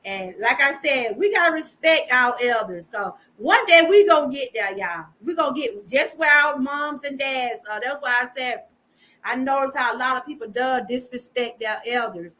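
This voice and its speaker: Woman, Georgia Southern accent, middle-aged, live stream host, chatty casual talk, high voice, bright tone. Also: expressive, moderate pace. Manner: chatty, addresses viewers as y'all.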